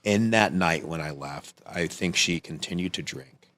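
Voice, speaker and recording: A man's voice: deep voice, measured pace. A man, a filmmaker guest on a podcast, telling a personal story casually, swearing and acting out what people said. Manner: animated, acts out quotes in raised voices, swears freely.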